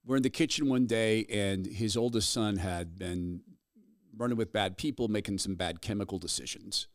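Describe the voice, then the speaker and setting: A man hosting a talk show, telling stories with animated energy. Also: lowish voice, moderate pace, dry recording, studio quality. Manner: animated storyteller. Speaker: host. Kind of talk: talk radio banter.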